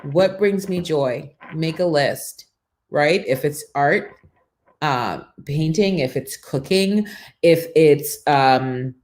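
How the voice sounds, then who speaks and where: A woman with a low, deep voice hosts a casual live morning show. She tells animated stories and breaks off to greet viewers by reading out their comments. She sounds middle-aged and confident. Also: takes it slowly. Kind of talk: casual live-stream chat.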